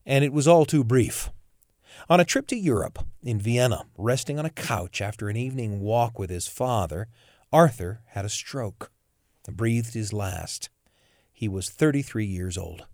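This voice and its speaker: A man hosting a podcast, telling a story with reflective, expressive delivery and occasional stammering restarts. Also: lowish voice, normal speed, dry recording, studio quality. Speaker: podcast host. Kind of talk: warm storytelling host narration.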